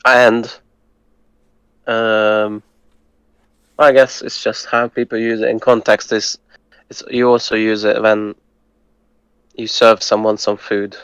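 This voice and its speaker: A man who speaks Hungarian natively, patiently tutoring and breaking words down slowly, with some hesitant fillers. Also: lowish voice, flat delivery, fairly bright tone, clear, resonant tone, dry recording, lo-fi sound. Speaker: language tutor. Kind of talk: casual language lesson.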